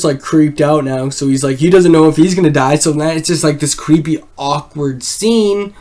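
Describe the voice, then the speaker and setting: A man's voice: fairly high pitch, moderate pace, hardly any pauses, darkish tone. A man casually recapping a film, rambling, swearing often and leaning on "like" as a filler. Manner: rambling, swears a lot, heavy use of "like". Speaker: film reviewer.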